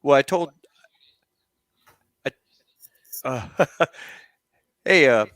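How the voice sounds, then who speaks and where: A man's voice: mid-range voice, lively intonation, drawn-out words, fairly bright tone, no room sound. A man hosting a casual video call chat, laughing often and rambling loosely. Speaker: show host. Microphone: home computer mic on a video call.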